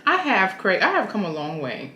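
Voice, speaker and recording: A woman in her thirties tells a story in a casual home vlog, her voice bright and lively as it swings up and down. She sounds flustered and giggly. The room is echoey, with faint music behind her. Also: medium pitch, normal speed, slight background noise. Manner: giggly, flustered, repeats "okay?". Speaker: family vlogger.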